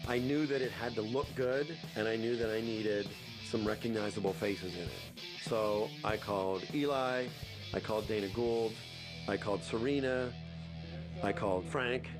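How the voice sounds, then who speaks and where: A man's voice: on the low side, normal speed. A man, a special effects artist and director, speaking in an enthusiastic, explanatory documentary interview. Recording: music under the voice. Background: music.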